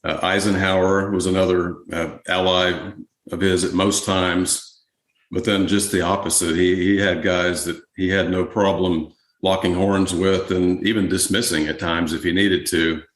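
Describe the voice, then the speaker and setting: Male guest historian, low voice, easygoing interview talk, echoey room. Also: a little slow. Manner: relaxed, conversational, many fillers. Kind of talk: podcast interview answers.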